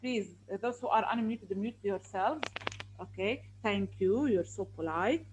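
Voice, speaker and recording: A woman's voice: medium pitch, a little slow, background noise. A woman teaching an online English class over a video call, patiently repeating and stretching words as she explains.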